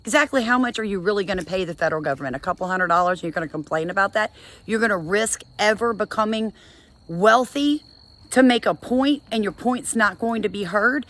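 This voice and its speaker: A woman's voice: fairly quick, a bit bright. Scolding woman vlogger. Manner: scolding, exasperated, emphatic with sudden high bursts. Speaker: homesteading vlogger. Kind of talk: impassioned monologue to camera.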